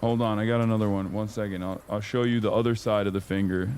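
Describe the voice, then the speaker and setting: Animated, profane male streamer telling a story. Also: quick pace, slight background noise. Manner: animated, profane, jumps into high quoted voices. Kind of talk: casual storytelling on a livestream.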